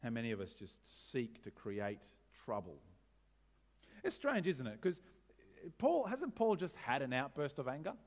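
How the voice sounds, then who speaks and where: A man preaching a sermon as pastor, animated, asking rhetorical questions with wry humor. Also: mid-range voice, a little slow.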